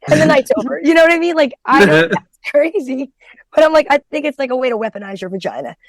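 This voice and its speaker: A high-voiced middle-aged woman comedian chats bluntly and profanely, telling story after story. Her voice sounds close and dry, with no room around it. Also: big pitch swings, quick pace, no echo. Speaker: stand-up comedian, podcast guest. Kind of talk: casual podcast chat.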